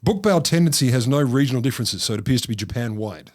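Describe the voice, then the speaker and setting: Aussie male co-host, rapid dry delivery, mid-range voice, casual podcast banter. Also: medium pitch. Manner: dry, deadpan humour. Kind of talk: casual chat.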